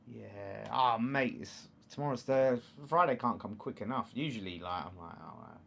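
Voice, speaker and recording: A man in his thirties with an East London accent, hosting a football watchalong in casual chat, reading out comments and erupting into loud shouts at chances. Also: medium pitch, moderate pace, gravelly, a little hiss or hum. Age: 30s. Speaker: livestream host.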